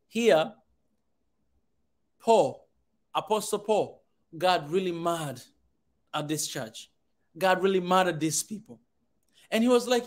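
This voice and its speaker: A man in his thirties giving an impassioned, preaching speech as host, rising to shouts. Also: high-pitched, lively intonation, measured pace, long pauses. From Africa. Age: 30s.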